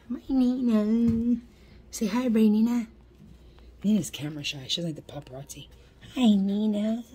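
A woman's voice: low-pitched, warm tone, slight background noise. A woman filming a casual pet vlog, cooing baby talk at her dogs with dogs snorting nearby. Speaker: pet owner vlogger.

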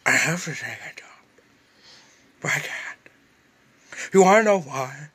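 A man's voice: a little high, expressive, a little slow, bright, forceful tone, slightly rough. A man doing a goofy comedy skit, talking in an exaggerated, silly, whiny voice. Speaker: vlogger.

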